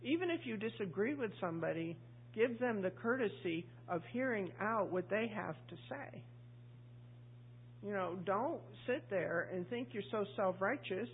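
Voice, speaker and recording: Husky woman preaching, tinny audio. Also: mid-range voice, animated, moderate pace. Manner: chatty, asks the congregation questions, acts out voices. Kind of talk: conversational sermon.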